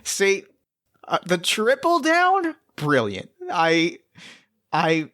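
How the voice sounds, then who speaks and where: A man's voice: medium pitch, expressive, moderate pace, a bit bright, natural voice. A man voicing a flustered, effusive female celebrity who gushes, apologizes and stammers. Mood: gushing.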